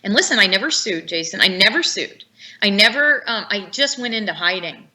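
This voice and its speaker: A woman's voice: medium pitch, lively intonation, brisk, pushed and bright. A woman guest telling her story in an interview, blunt and indignant, rambling from one grievance to the next. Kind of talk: emotional personal account.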